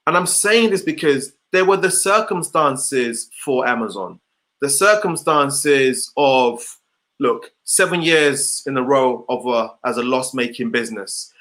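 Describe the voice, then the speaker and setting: A man's voice: on the high side, sharp tone. A man giving an online motivational session over a video call, repeating rhetorical questions to his audience. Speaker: motivational speaker.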